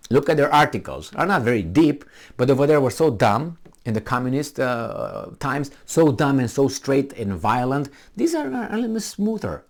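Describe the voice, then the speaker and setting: A man's voice: mid-range voice, moderate pace. A middle-aged man giving a combative, sarcastic commentary full of rhetorical questions. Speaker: political commentator. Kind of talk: ranting commentary.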